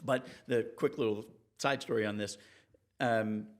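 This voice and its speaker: A man, a TV reporter and interview guest, telling anecdotes in a relaxed, animated way and acting out the people he quotes. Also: measured pace. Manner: animated, acts out quoted people with raised pitch. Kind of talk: conversational storytelling in an interview.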